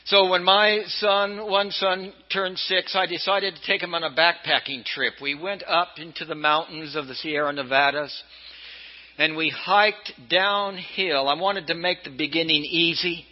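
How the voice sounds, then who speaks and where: An older man from California preaches as a bishop in a church. His voice sits a little high and rises and falls sharply to stress his points. The recording sounds slightly dull and lo-fi. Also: unhurried. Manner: storytelling preacher, swinging pitch for emphasis. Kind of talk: sermon.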